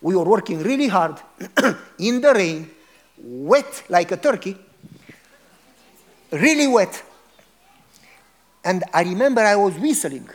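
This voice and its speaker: High-voiced pastor preaching a lively sermon. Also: male voice, slow pace, long pauses. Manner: dramatic storytelling, asks the audience questions.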